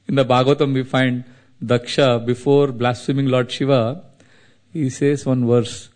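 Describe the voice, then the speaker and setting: A man preaching a devotional sermon, telling stories in an animated way and laughing often. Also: mid-range voice, slow, pauses often.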